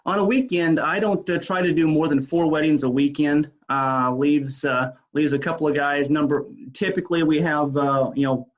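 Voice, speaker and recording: Guy dj owner, kinda high voice, lots of uh and restarts, muffled lo-fi audio. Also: fairly even intonation. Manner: halting, many uh fillers and restarts. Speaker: wedding DJ business owner, guest. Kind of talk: casual interview talk. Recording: dull lo-fi sound.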